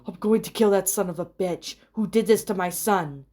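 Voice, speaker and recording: A grieving, fiercely protective father comes through, his voice lifting higher and louder when he pleads and cries out, as a woman reading a fan story puts him on. It is an everyday voice with little disguise, tearful and strained rather than deep or gruff. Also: normal speed, lightly acted. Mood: anguished.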